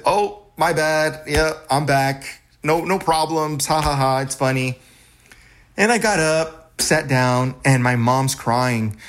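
A man in his thirties, an army veteran, telling his own story in a candid, conversational way. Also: medium pitch. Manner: candid, conversational, reenacts shouted moments. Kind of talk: personal storytelling.

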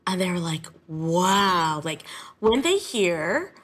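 A woman music teacher talking in an animated, chatty way, getting emotional as she tells her story. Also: fairly low pitch, slow. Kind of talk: conversational interview.

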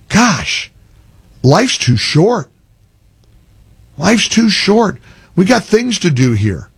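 Impassioned husky older radio host man. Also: no room sound. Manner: impassioned, rising to emphatic pitch peaks. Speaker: radio talk show host. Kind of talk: talk radio monologue.

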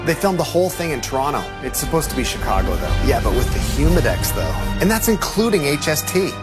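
A man playing a stereotypical Canadian guy in a comedy sketch, firing off quick one-liners that end in eh, with music behind. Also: fairly high pitch, very animated. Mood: chatty.

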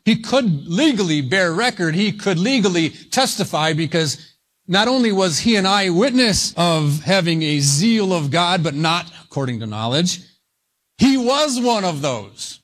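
A man preaching a sermon, speaking slowly and deliberately and leaning hard on single words for emphasis. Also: a little high, animated, a bit bright. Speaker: pastor.

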